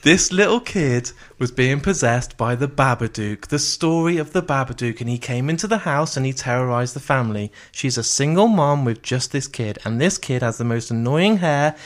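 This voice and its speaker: A man's voice: mid-range voice, expressive, moderate pace, hardly any pauses. A man co-hosting a podcast in playful, teasing casual chat. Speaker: podcast co-host.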